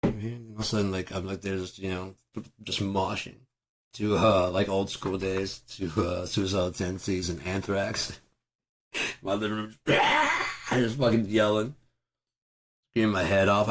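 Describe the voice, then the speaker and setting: A man with a low, raspy voice that has gone hoarse from a lot of screaming. He talks at home in a profane, wandering monologue, breaking into loud angry outbursts. The husky rasp stays in every word. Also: flat delivery, moderate pace. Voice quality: raspy, gravelly. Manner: profane, ranting, with bursts of loud shouting. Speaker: vlogger. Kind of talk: casual rambling monologue.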